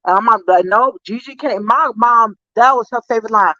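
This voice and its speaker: Animated, profane woman telling stories. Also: fast, no echo. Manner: animated, profane, laughing storyteller. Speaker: vlogger. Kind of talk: casual storytelling to viewers. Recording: dull, dry low-fi sound.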